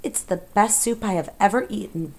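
A woman's voice: mid-range voice, normal speed, darkish tone, close to an everyday voice. A woman voicing a proud, bossy young princess in an audiobook, speaking in a demanding way. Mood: eager. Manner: indignant, demanding. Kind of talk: audiobook character voice.

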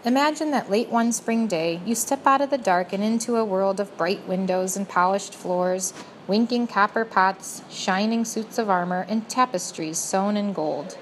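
A woman narrating a children's storybook, speaking directly to the reader in a gently expressive way. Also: mid-range voice, normal speed, slight background noise, poor audio. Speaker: audiobook narrator.

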